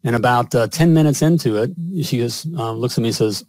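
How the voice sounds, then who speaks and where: Hosting a show, a middle-aged man rambles through a personal story packed with fillers and chuckles. He speaks briskly at medium pitch, with a slightly mellow tone, in a dry recording.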